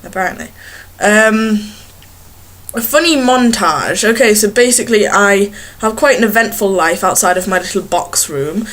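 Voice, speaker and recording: A woman's voice: medium pitch, normal speed, a bit bright. A young woman chatting casually to a webcam in a small bedroom, rambling and giggling at herself. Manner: rambling, giggly, self-mocking. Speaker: vlogger. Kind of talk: casual chat to camera.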